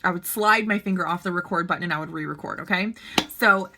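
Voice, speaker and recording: She talks fast in a lowish voice against a noisy background. Leading a sales team in network marketing, she offers casual vlog advice to camera from a child's bedroom, bubbly and frequently checking in with viewers.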